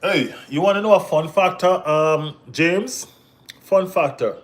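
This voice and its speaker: A Jamaican man hosting a casual football watch-along stream, bantering with viewers in relaxed Caribbean slang. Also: fairly high pitch, a little slow. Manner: laid-back banter with Caribbean slang, bursts of excited teasing. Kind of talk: casual live-stream chat reading viewer comments.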